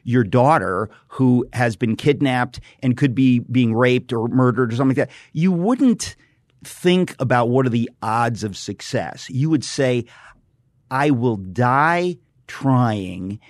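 A middle-aged man talks in a studio with fervent, emphatic conviction, circling back and repeating phrases as he builds his point. His voice sits at an ordinary pitch for a man. The room sound is dry and close. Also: unhurried, a little mellow, no room sound. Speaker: guest author and radio host. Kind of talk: impassioned studio conversation. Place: radio studio.

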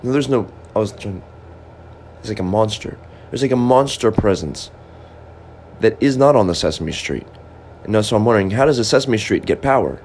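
A man's voice: on the low side, animated, moderate pace, long pauses, a little mellow, a little hiss or hum. A man and amateur comedian delivering a rambling, improvised monologue, musing aloud in stop-start bursts and scolding things around him.

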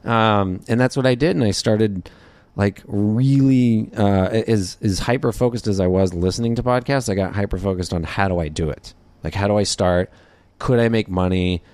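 A man's voice: fairly low pitch, moderate pace, a little mellow, dry recording. A man guesting on a podcast, talking in a loose, rambling way with lots of fillers. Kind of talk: casual interview chat.

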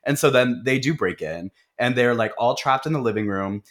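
A man's voice: medium pitch, normal speed. Man recapping a movie, profane and laughing. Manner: profane, laughing, animated storytelling. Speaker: podcast co-host. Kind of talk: casual movie recap chat.

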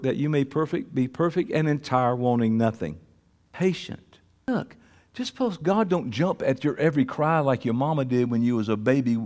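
Brief: high, very animated male pastor, fervent sermon, long hall reverb. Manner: fervent, repeats phrases for emphasis.

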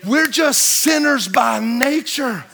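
High, bright-voiced preacher shouting refrains. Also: male voice, lively intonation, slow, gravelly. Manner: preaching with shouted refrains and sudden drops to a low hush; reads scripture in old-fashioned biblical wording. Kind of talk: sermon.

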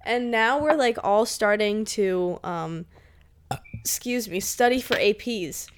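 A young woman co-hosting a podcast in casual chat, with dry, deadpan humor. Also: mid-range voice, slow, clear, resonant tone. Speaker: podcast co-host.

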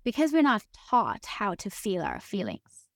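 A woman's voice: medium pitch, huge pitch swings, a little slow, dry recording, clean studio sound. A woman hosting a podcast, chatting casually with lots of fillers and restarts. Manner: chatty, with many fillers and self-corrections. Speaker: podcast host. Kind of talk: casual chat.

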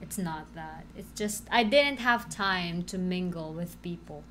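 A woman co-hosting a casual chat, speaking haltingly with fillers. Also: fairly low pitch, fairly bright tone, a little hiss or hum. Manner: halting, slow, with fillers and laughs.

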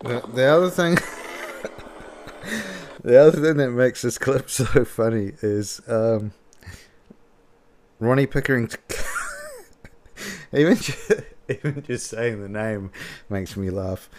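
A man's voice: mid-range voice, expressive, slow pace, pauses often, a little mellow, a little hiss or hum. A man casually commenting on a video clip, laughing often and rambling with fillers. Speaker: reaction video host.

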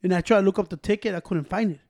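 Brief: male co-host, high-pitched, fast, profane, heated storyteller. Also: steady tone, darkish tone. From Chicago area. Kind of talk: casual chat.

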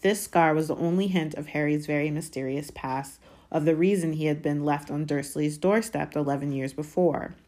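A woman reading a novel aloud in a measured, deliberate way. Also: sits low, a little mellow. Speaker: reader.

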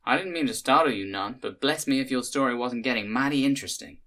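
A man voicing a chatty Southern American woman with a put-on Southern drawl, folksy and quick. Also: mid-range voice, sharp tone, pitched above the performer's own voice, lightly acted. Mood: eager.

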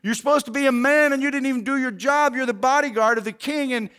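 A man voicing an indignant young male warrior who calls out loudly and scolds. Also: sits high, expressive, slow pace, in a large hall, heavily acted.

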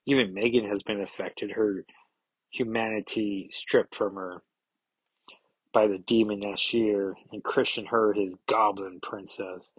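A man's voice: fairly low pitch, steady tone, a little slow, slightly rough, dry recording, poor audio. A man reading the lines of an earnest male superhero recapping events, in a plain voice. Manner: plain reading, no accent attempted.

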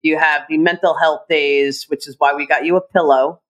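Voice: medium pitch, fairly even intonation, moderate pace, a bit bright, rough recording. A podcast co-host with a mid-range voice rants about how things have changed, firmly opinionated. The delivery stays conversational and casual throughout. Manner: opinionated, ranting commentary.

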